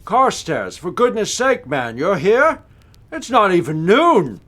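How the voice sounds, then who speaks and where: A man's voice: high voice, very animated, takes it slowly, a bit bright, pitched above the performer's own voice, full character voice. A man voicing a stiff, proud old retired army major who talks formally and keeps correcting others. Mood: exasperated.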